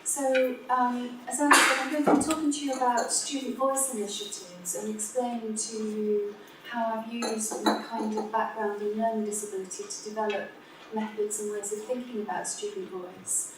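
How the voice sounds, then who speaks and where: A woman's voice: a little high, fairly even intonation. Professor woman lecturing in an echoey room. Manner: measured, explanatory, with fillers. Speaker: keynote speaker, professor of education. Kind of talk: conference talk. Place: university conference room. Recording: roomy, distant mic, noisy.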